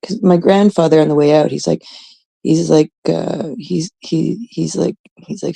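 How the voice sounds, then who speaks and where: Gravelly woman telling a rambling story. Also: sits low, moderate pace, low-quality recording. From Canada. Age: 30s. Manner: rambling, swears, animated quoted voices. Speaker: host. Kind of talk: casual storytelling monologue.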